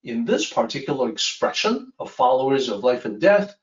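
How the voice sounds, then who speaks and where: A man teaching Taoist philosophy, explaining a text step by step in a measured lecture and stressing key words. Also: medium pitch, big pitch swings. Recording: roomy, distant, slightly dull sound.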